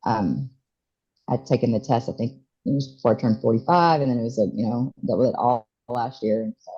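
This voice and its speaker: A woman in her forties speaks in a mellow, slightly husky voice. She talks with feeling, often stopping and starting again. The audio sounds dull and lo-fi. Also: very deep voice. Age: 40s. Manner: emotional, halting, many restarts. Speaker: interview guest. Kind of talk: candid personal story.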